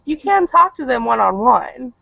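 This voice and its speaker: A man's voice: extremely high pitch, very animated, moderate pace, vocal fry, no room sound. A man appearing as a guest on a casual stream chat and telling rambling anecdotes. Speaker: guest cosplayer. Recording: dull lo-fi stream audio.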